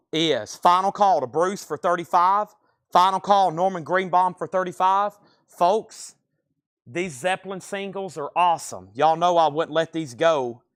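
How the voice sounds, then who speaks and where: A man hosting a live record sale, calling prices and bids in brisk salesman patter. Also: fairly high pitch, fairly bright tone. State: out of breath. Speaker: livestream record auctioneer.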